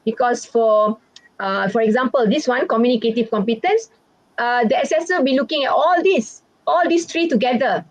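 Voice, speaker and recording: A woman with a Malaysian English accent, giving an exam-preparation English lesson in a chatty, animated way and often checking in with "all right?". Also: fairly high pitch, normal speed, dry recording. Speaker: English teacher and exam examiner. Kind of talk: online exam-prep lesson. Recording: dry, muffled, lo-fi audio.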